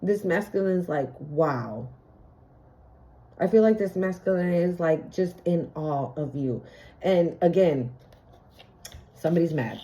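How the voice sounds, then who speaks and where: A woman's voice: fairly low pitch, warm tone. A woman giving a casual tarot reading, chatty and profane, often breaking into laughter. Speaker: tarot card reader.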